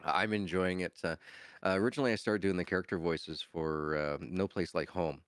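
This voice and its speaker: A man's voice: low voice, brisk, clean tone, no room sound, clean studio sound. A man chatting casually as a podcast guest, rambling and laughing often. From Canada. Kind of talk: casual chat.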